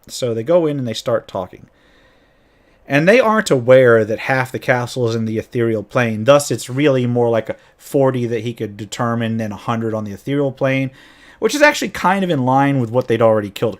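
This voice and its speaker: A man recounting a tabletop campaign as its game master, in casual storytelling, animated and often jumping into his players' voices. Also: mid-range voice. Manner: animated, acts out quoted players in a raised voice.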